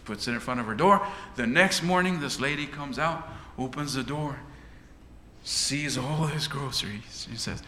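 A man's voice: mid-range voice, moderate pace, sharp tone, slight background noise. A man preaching a sermon with dramatic, rising and falling delivery. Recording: echoey church hall.

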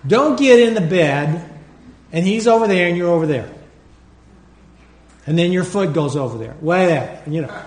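Animated pastor preaching in an echoey church. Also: male voice, high voice, normal speed. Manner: animated, acts out prayers and calls for congregation responses. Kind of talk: sermon.

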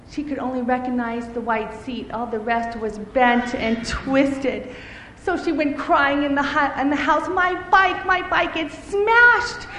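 Expressive woman telling a children's story. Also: high-pitched, measured pace, a little hiss or hum. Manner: lively and expressive. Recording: echoey hall with faint ambience.

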